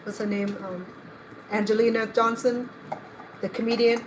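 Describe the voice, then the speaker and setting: A woman's voice: a little high, steady tone, moderate pace. A middle-aged woman hosting a cooking vlog, telling rambling, digressive stories as she cooks at home. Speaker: home cook and channel host. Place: home kitchen. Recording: kitchen with running water noise.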